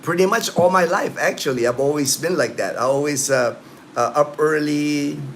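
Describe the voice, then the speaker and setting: A man's voice: on the high side, moderate pace, a little hiss or hum. Rambling late-fifties man chatting live. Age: late 50s. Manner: rambling, loose talk full of "you know" and "man"; reads out and answers viewers' comments. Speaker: livestream host. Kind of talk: casual live-stream chat with viewers. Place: at home in the Philippines.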